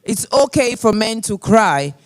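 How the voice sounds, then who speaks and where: Male funeral MC, high-pitched voice, earnest, keeps repeating his points. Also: big pitch swings, a little slow, smooth. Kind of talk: speaking at a funeral service.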